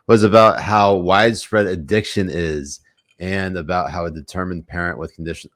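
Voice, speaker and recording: A man's voice: deep voice, dry recording, studio quality. A young man co-hosting a political podcast, giving sarcastic, profane commentary. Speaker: podcast co-host.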